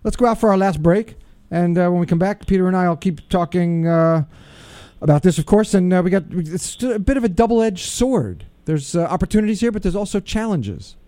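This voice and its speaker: Radio host guy, joking around and stumbling over his words, mellow and a bit high, dry studio sound. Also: expressive, brisk, no echo. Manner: playful, digressive, stammering restarts. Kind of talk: casual radio talk show chat.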